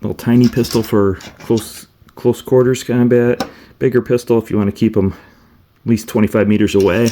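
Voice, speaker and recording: A man's voice: mid-range voice, flat delivery, moderate pace, dark tone. A man casually reviewing an action figure, meandering and thinking aloud as he handles each piece. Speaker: toy reviewer.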